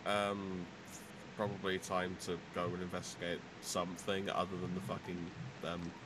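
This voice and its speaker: A man's voice: low voice, completely flat delivery, moderate pace, background noise. A man running a tabletop game as game master, narrating and chatting in a hesitant, filler-heavy way.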